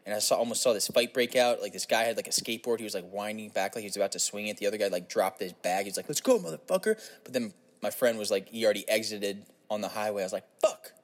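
A man's voice: lowish voice, level tone, racing, hardly any pauses. A young man rambling through a casual, profane comic podcast monologue. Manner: casual, profane, slips into silly put-on voices. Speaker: podcast host.

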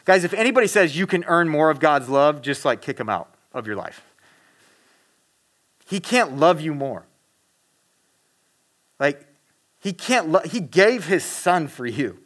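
High-voiced man preaching casually. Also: very animated, measured pace, long pauses, fairly bright tone. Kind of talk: casual sermon.

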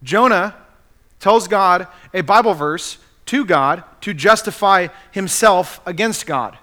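A man's voice: sits high, lively intonation, slow, sharp tone. A man preaching a sermon as pastor, earnestly acting out the quotes he cites.

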